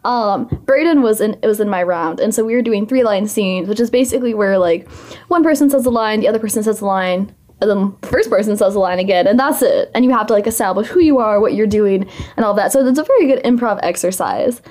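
A woman's voice: mid-range voice, quick pace, darkish tone. A woman on a casual podcast, an improv performer, talking in a bubbly, giggly way full of "like".

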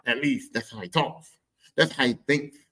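A man hosting a podcast, telling a profane, animated story in a casual monologue and slipping into other people's voices. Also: mid-range voice, moderate pace, husky, poor audio. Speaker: podcast host.

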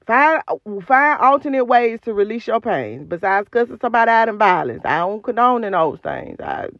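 A woman's voice: fairly high pitch, dry recording, lo-fi sound. A woman hosting a podcast, giving an emphatic, repetitive, preacherly motivational talk recorded on her phone. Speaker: podcast host.

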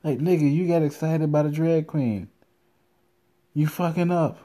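Man, podcast host, mellow voice, crude, rambling, casual, in a car. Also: fairly high pitch, moderate pace. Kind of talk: casual profane storytelling.

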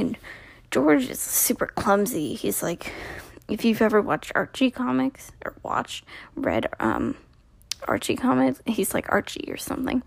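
A tired-sounding young woman recaps a TV episode in a casual, rambling way, peppering it with "like" and acting out the characters' lines. Her voice is mid-range and gravelly, with no echo.

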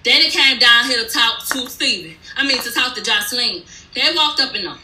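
A woman's voice: fairly high pitch, animated, a little fast, bright, forceful tone, roomy sound, a little hiss or hum, low-quality recording. A woman recapping a reality show in a casual, blunt and heated way, swearing freely. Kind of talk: casual profane storytelling recap.

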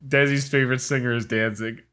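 A man's voice: mid-range voice, fairly even intonation, fairly quick, fairly bright tone, slight background noise. A man co-hosting a podcast in casual chat, who laughs a lot and rambles with many restarts. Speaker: podcast co-host.

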